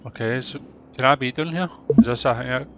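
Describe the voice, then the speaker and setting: A man commentating his gameplay, loud and excitable, swearing often. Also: medium pitch, brisk, background noise. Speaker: gamer. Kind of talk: let's-play commentary.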